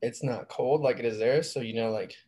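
A man's voice: mid-range voice, fairly quick, dark tone, husky. A man co-hosting a casual podcast, rambling in a laid-back, slangy way. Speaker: podcast co-host. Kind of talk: casual chat.

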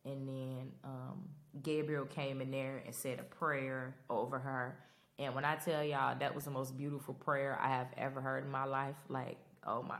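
Very low-voiced chatty woman podcaster. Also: level tone, normal speed. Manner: chatty, emphatic, addresses listeners as y'all. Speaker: podcast host. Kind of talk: casual show recap.

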